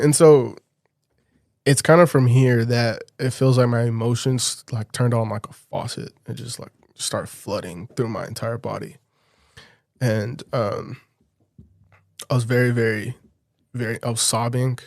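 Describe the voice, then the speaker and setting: A man recounts a personal story in a relaxed podcast conversation. His voice sits in a middle register. It is recorded close and dry, with almost no room sound, and he laughs often as he talks. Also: medium pitch, no room sound. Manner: animated, laughs often while telling a story. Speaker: podcast guest. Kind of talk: casual storytelling.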